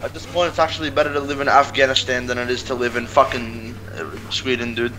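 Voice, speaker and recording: A man's voice: mid-range voice, level tone, fast, background noise. A young man in crude, casual chat with friends, swearing constantly and stammering as he repeats words. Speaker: co-host.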